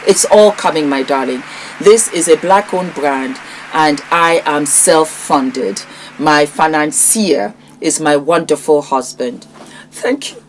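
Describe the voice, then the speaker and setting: A woman's voice: low voice, slow pace, a little hiss or hum. A woman presenting her own products in a casual vlog, gushing and calling her viewers endearing pet names. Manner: effusive, showers viewers with endearments.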